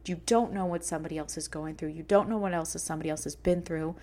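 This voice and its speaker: A woman's voice: sits low, fairly even intonation, fast, darkish tone. A middle-aged woman hosting a personal podcast, talking earnestly and emotionally about kindness and her children. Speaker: podcast host.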